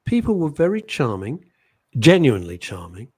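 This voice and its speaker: A husky-voiced Englishman in middle age holds the floor in a relaxed talk-show chat. He tells anecdotes with a very lively, swooping delivery and slips into quick impressions of the people he quotes. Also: mid-range voice. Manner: animated storytelling with mimicked voices. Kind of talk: casual chat.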